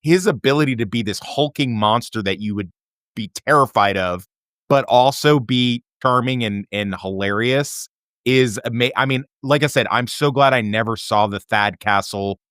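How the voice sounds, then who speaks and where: A man's voice: medium pitch, normal speed, a bit bright, no echo, clean studio sound. A man co-hosting a casual podcast, chatting loosely with wry, sarcastic asides. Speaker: podcast co-host. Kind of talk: casual chat.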